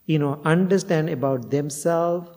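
An unhurried man with a dark, higher-than-average voice gives a dharma talk as a Buddhist monk and meditation teacher. He tells stories in non-native phrasing and laughs softly often, and the sound echoes with long hall reverb.

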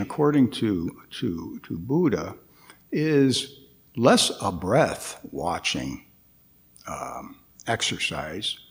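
Slow, lively-pitched man giving a dharma talk. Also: creaky. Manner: halting, with frequent fillers and restarts; reflective, questions the audience. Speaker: guest meditation teacher. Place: Buddhist temple hall.

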